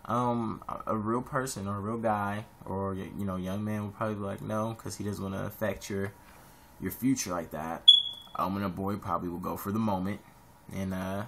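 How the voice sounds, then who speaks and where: Young man from Ohio, low gravelly voice, rambling casual vlog advice, faint hiss behind. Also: normal speed. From Columbus, Ohio. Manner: rambling, animated, sudden high-pitched jumps. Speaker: vlogger giving advice.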